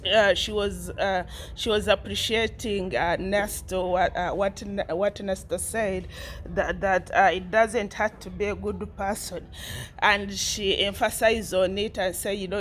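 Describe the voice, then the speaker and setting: Slow-talking woman vlogger. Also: medium pitch, slight background noise. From Uganda. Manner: rambling and repetitive, with many restarts; teasing, mocking tone. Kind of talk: casual commentary to camera.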